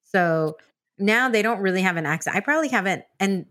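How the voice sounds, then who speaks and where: A woman from San Diego hosting a casual interview, chatty and animated as she tells stories with laughs. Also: mid-range voice, fairly quick. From San Diego, California. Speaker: podcast host.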